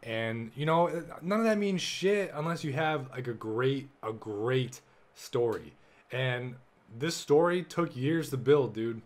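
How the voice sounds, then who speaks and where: A young man hosting a casual solo podcast, excitable and full of swearing, jumping between loud bursts and low mumbles. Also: slow. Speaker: podcast host.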